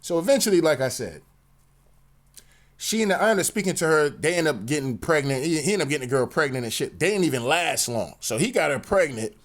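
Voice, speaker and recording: A man's voice: on the high side, animated, brisk. A man telling a personal story in a slang-heavy, profane rant, peppered with "you know what I'm saying". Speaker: commentary channel host.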